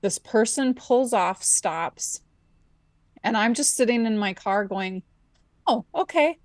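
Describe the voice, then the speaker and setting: A woman co-host tells a personal story in relaxed podcast chat, and her pitch climbs sharply whenever she acts out what she and others said. Her voice sits in a middle range. The sound is dry and close, with no room around it. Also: slow pace, no room sound. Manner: animated storyteller, acts out her own inner voice and dialogue.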